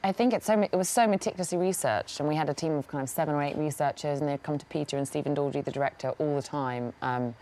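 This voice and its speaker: A woman with a notably low voice answers interview questions as an actress guest. She talks thoughtfully and hedges, pausing to find her words. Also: dark tone. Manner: thoughtful, hedging, searches for words. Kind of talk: interview chat.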